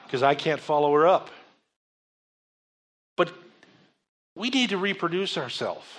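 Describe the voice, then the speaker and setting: A man's voice: a little high, a bit bright. A man preaching a sermon, telling stories in a conversational way and calling out to the congregation. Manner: conversational storytelling preaching with audience call-outs.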